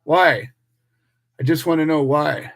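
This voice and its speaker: An American man hosts a radio show and delivers an impassioned monologue. He talks in a fiery, preachy way, stacking rhetorical questions and repeating himself for emphasis. His voice sits a bit high for a man. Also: normal speed.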